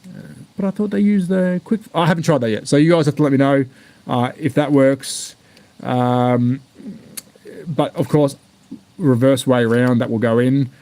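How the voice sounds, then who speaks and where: A man's voice: mid-range voice, normal speed, pauses often, warm tone. A man with an Australian accent hosting a live-stream hobby unboxing, chatting casually and bluntly with plenty of swearing and rambling asides. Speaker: slot car channel host.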